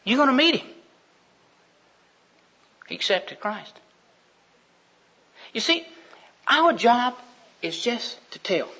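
A man's voice: very high-pitched, fairly bright tone. A man preaching a sermon in a folksy, joking way, acting out voices as he retells stories. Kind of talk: sermon with storytelling. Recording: dull lo-fi sound.

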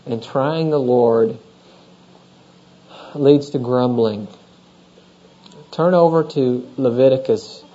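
Male pastor, mid-pitched and warm, working through scripture with asides to the congregation, dull lo-fi recording. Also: slow, long pauses. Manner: conversational, asks the congregation questions. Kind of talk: expository sermon.

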